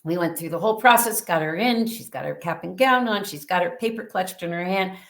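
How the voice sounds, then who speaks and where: A woman guest, a bit under the weather, telling a vivid story in an animated way during an interview. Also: lowish voice, fairly quick.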